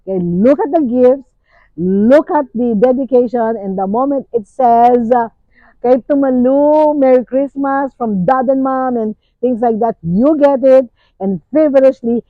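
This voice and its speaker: An older woman from the Philippines, hosting and sharing memories in a slow, musing way with many fillers. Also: fairly high pitch, no echo. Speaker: host. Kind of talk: casual reflective talk. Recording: tinny phone-like sound.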